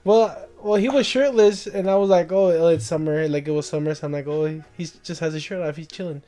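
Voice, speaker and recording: A man's voice: fairly high pitch, fairly quick, warm tone. A young man casually telling a long, rambling story to friends, laughing as he goes.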